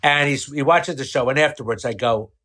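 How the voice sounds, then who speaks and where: A man's voice: medium pitch, fairly quick. A man, a podcast guest, telling casual stories and playing out both sides of a conversation. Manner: animated storyteller who acts out both sides of a conversation.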